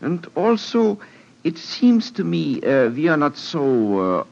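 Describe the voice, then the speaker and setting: An actor playing a weak, injured German count with a German accent, speaking haltingly in a 1940s radio drama, on a dull old radio recording. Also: male voice, on the high side, sing-song, creaky, a little mellow, heavily acted. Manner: halting, many hesitations.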